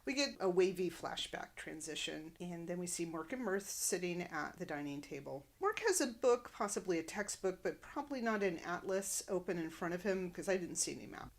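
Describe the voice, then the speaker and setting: A woman recapping a sitcom episode for her podcast with lively, expressive pitch. She narrates the plot casually and breaks off into wry asides. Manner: animated, wry commentary. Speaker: podcast host.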